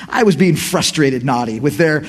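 Animated, high-pitched male preacher. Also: measured pace. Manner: animated, swings from quiet asides to shouted emphasis. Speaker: pastor. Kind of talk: sermon. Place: church.

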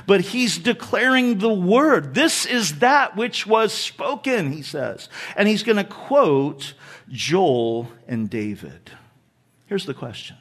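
Animated male preacher, lively pitch. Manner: animated, acts out quoted speech, conversational asides. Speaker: pastor. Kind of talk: sermon.

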